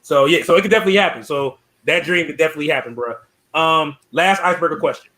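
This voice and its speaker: A man's voice: fairly high pitch, fast talker, bright, forceful tone. A man, a military veteran, hosting a casual interview, hesitant and full of fillers.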